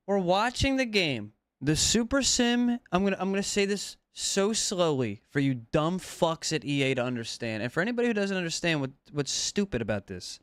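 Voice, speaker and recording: A man's voice: high voice, sing-song, normal speed, few pauses, smooth, no echo, studio quality. A man streaming a video game, ranting in an exasperated, profane way about the game. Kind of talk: live gameplay commentary.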